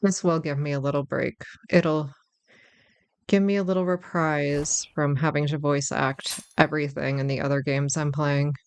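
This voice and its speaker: While playing a role-playing game, a commentator chats casually and thinks aloud, poking fun at himself in typical let's-play fashion. The voice is mid-range, smooth and steady, at a normal speed. The recording is dry.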